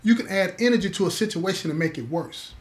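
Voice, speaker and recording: A man whose voice sits high tells a story to an audience, expressive and quick. He is emphatic, repeats key words, and keeps saying "y'all" to his listeners.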